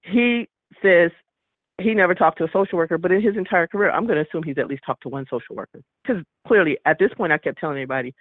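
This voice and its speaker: A man's voice: a little high, fast talker, no echo. A man calling in to a radio show, telling his story emphatically and acting out the dialogue. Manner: indignant, emphatic, acts out quoted dialogue. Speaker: caller. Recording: tinny phone line, dry.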